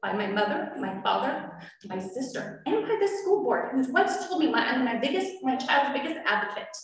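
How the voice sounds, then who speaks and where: A woman's voice: sits high, very animated, moderate pace, a little hiss or hum. A woman, a parent, making a public comment at a school board meeting, earnest and getting emotional. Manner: earnest, growing emotional and forceful. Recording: echoey hall, distant mic.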